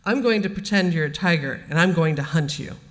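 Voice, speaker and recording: A woman reading the part of a playful young elephant-headed boy god, speaking excitedly and boastfully, in a reverberant church hall. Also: on the low side, fairly quick, lightly acted.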